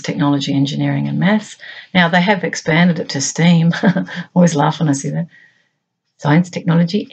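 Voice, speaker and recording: A middle-aged woman hosting her own channel, musing aloud in a reflective monologue of short, halting phrases. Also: lowish voice, breathy edge, highs cut off. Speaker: channel host.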